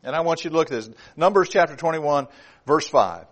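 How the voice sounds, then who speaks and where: Male preacher, slightly higher voice, dynamic sermon delivery with loud peaks and quiet asides. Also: lively intonation, a little fast. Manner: dynamic preaching, swings from loud emphasis to low hushed asides. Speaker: pastor.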